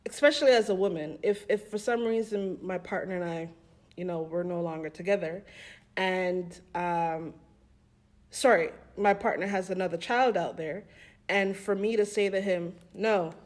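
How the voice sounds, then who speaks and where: Animated woman telling personal stories. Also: on the low side, normal speed. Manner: animated storytelling, acting out quoted voices with laughs. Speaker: podcast co-host. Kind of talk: casual podcast discussion.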